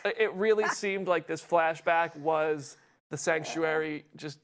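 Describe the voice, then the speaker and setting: A man hosting a casual recap show, talking fast and excitedly with frequent restarts. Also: fairly high pitch. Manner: fast, excited, talks over co-host with restarts. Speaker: show host.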